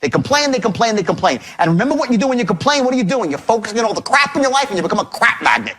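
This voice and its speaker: A man telling a story as a sales trainer in a motivational seminar, talking in an animated, profane way with lots of emphatic repetition. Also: extremely high pitch, rapid-fire.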